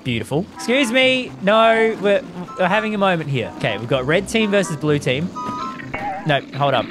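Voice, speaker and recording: A man commentating his own gameplay on a live stream, excitable and laughing often as he cheers things on. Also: high voice, moderate pace. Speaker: game streamer. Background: game music.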